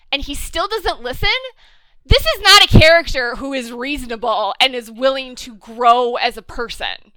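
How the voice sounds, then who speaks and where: A woman in casual chat, animated and ranting, swearing freely as she talks. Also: high voice, normal speed, no room sound, rough recording.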